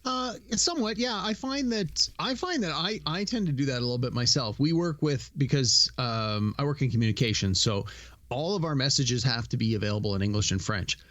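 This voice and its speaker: A middle-aged man chats about a movie in a thoughtful, hesitant way and often restarts his sentences. His voice is mid-pitched. The recording is dry, with no room echo. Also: animated, fairly quick, a bit bright, dull audio. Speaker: podcast co-host. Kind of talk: casual movie-review chat.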